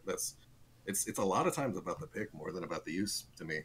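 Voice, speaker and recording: Low-voiced man explaining eagerly. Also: fast, slight background noise. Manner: animated explaining, chuckles often. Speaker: guest pro player. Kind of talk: casual podcast chat.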